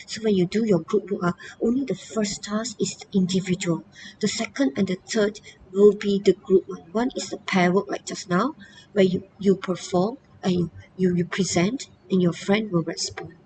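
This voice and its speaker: A woman's voice: medium pitch, background noise. A woman, a teacher giving an online lesson, who keeps saying "okay" and "all right" and calls herself "teacher". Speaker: English teacher.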